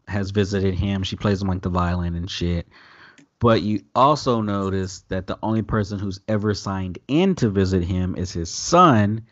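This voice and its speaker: Low-voiced guy rambling through a show recap, cussing a lot, muffled dry mic. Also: dry recording. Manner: loose, profane, animated retelling with quoted voices. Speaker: podcast host recapping an episode. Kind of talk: casual recap chat.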